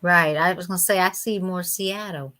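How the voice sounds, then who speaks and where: A woman co-hosting a live vintage sale in casual chat, unhurried and quick to laugh. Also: on the low side, steady tone, bright, forceful tone.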